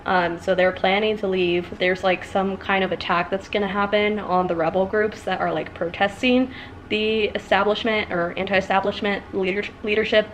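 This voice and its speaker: A young woman in her twenties talks through a book she is reading in a loose, chatty way, full of fillers and exasperated asides. Her pitch sits in an ordinary middle range. Faint room noise hums underneath. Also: little pitch movement, moderate pace. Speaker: book vlogger. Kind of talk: casual reading vlog.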